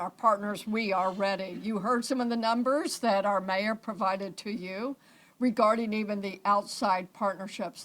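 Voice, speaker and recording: A woman's voice: mid-range voice, fairly bright tone, rough recording. A woman police chief speaking at a press conference in a conversational, reassuring way. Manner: conversational, reassuring, some fillers and restarts. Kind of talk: press briefing remarks.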